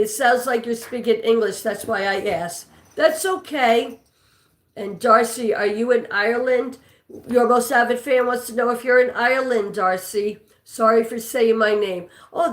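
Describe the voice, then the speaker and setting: This live trivia host has a New York accent and a slightly high, somewhat bright voice. She talks with her viewers and reads their comments aloud, and the room she's in echoes.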